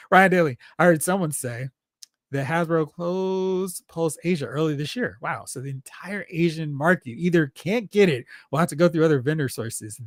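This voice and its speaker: Man, fairly high voice, excitable and chatty, reading comments out, dry close sound. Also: no room sound. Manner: chatty, excitable, reads viewer comments aloud. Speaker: host of a toy collecting show. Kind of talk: casual live-stream chat reading comments.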